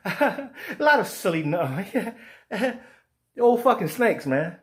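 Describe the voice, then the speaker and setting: A fired-up man rants about boxing, swearing freely. His voice sits high for a man. He keeps slipping into mocking put-on voices for the people he quotes. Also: takes it slowly. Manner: profane, animated, acts out quoted voices. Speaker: sports show host. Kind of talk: heated boxing commentary rant.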